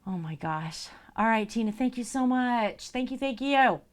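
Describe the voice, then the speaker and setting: An expressive woman talks at a moderate pace during a casual livestream, laughing often and reading chat messages out loud. She lifts into a high, sing-song voice for her cats.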